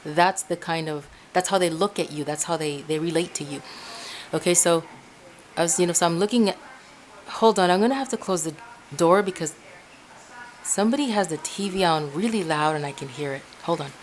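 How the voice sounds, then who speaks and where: A woman from Ecuador telling her own spiritual testimony in a casual, animated way. She speaks straight to her listeners as "guys", often restarting and repeating herself, recorded at home in her room. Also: on the low side, fairly quick, slight background noise. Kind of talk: casual spoken personal testimony.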